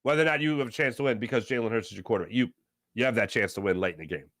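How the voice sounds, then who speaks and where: A man hosting a casual sports talk show, animated and emphatic, repeating phrases for effect. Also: on the low side, racing. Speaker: sports podcast host.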